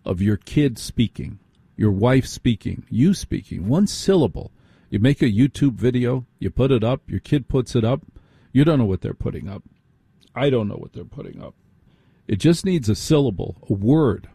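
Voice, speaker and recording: A man hosts a late-night radio talk show with a mellow, husky voice. He talks to listeners in a chatty way and keeps asking them questions. The studio sound is dry and close. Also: medium pitch, no room sound. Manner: conversational, addresses listeners directly with rhetorical questions. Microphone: studio microphone.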